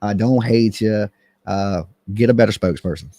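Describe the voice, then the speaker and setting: A man's voice: fairly low pitch, fairly even intonation, moderate pace, mellow, no room sound, clean studio sound. A man hosting a true crime livestream, ranting in a profane, mocking and combative way.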